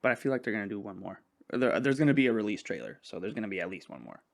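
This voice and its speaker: A man's voice: lowish voice, animated, very fast, vocal fry. A young man co-hosting a podcast in casual chat, laid-back and laughing often, acting out little quotes. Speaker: podcast co-host.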